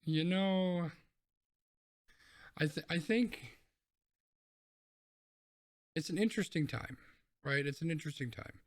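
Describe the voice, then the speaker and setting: A man co-hosts a casual news podcast with a somewhat raised pitch. He talks bluntly and swears freely, ranting hard and then dropping back to plain chat. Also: slow pace, long pauses. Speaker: podcast co-host.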